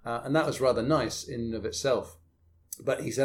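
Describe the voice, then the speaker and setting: A man's voice: medium pitch, a little fast. A man with a British accent, an interview guest telling anecdotes with wry, self-deprecating humor. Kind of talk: anecdotal storytelling.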